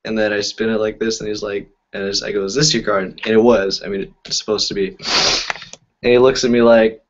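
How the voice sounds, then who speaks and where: In dull, lo-fi audio, a man who works as a magician rambles through stories on a live stream, leaning heavily on fillers. His voice is fairly low with little pitch movement, and he talks a little fast.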